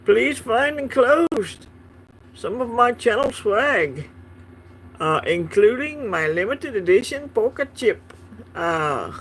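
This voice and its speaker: A man putting on a slow Scottish letter-writer. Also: high voice, fairly bright tone, slight background noise, voice pushed up, full character voice. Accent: put-on Scottish. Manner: slow, deliberate letter reading.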